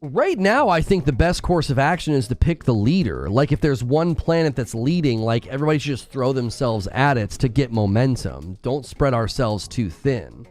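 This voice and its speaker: A man's voice: medium pitch, very animated, normal speed, few pauses, darkish tone, faint music behind. A man hosting a casual live game stream, bantering playfully and teasing his chat from a room at home. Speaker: gaming streamer.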